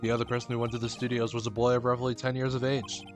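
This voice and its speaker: A man voicing a cold, confident male prosecutor in a video game, slow and measured. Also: mid-range voice, monotone, faint music behind, voice pushed down, natural voice. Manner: measured, haughty.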